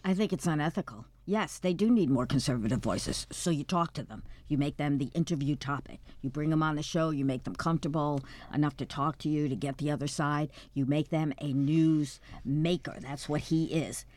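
A man's voice: a little high, brisk, few pauses, darkish tone. A man giving firm, emphatic opinions on a radio media panel. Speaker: panelist on a media discussion show.

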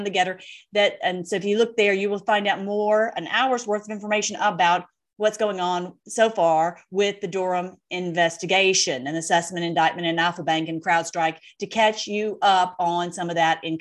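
A woman hosting her own online video, talking casually to viewers in a rambling, excitable way and laughing often. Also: mid-range voice. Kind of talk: casual monologue to camera.

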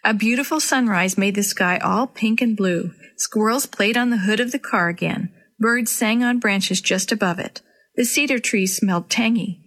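A woman storyteller reading a chapter book aloud to children in a gentle, expressive way. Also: medium pitch, moderate pace.

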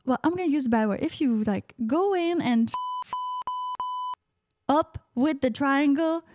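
High, lively woman host. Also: a little slow, background noise. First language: French. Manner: playful, chatty, sprinkles "uh-huh" affirmations. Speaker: radio host. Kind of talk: casual radio monologue.

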